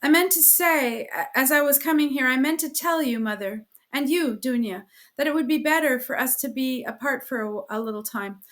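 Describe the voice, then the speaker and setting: A woman voicing a tormented young man in a classic novel reading, halting and strained. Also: high voice, fairly bright tone.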